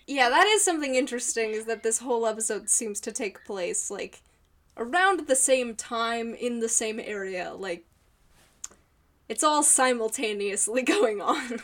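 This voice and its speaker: A woman's voice: on the high side, expressive, measured pace, a bit bright. A woman co-hosting a podcast, chatting casually in a rambling, giggly way with many restarts. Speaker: podcast co-host. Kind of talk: casual chat.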